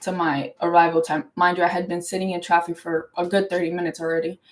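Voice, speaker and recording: A young woman hosts her own show and tells a personal story in a casual, rambling monologue. She is emphatic and animated and talks quickly. Her speech is loose, full of "like" fillers and restarts. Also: fairly low pitch, slight background noise, low-quality recording. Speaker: show host.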